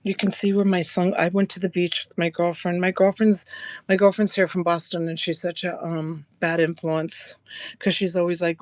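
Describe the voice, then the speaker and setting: A woman's voice: lowish voice, dry recording. Sixties lady doing a live sale stream, chatty, laughs a lot, greets folks by name, dry sound. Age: 60s. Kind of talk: casual live-stream chat and storytelling.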